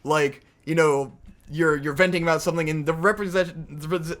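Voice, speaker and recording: A man's voice: a little high, fairly even intonation, moderate pace, a bit bright. A young man co-hosting a podcast, telling a story in a casual, exasperated rant with heavy swearing. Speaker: podcast co-host.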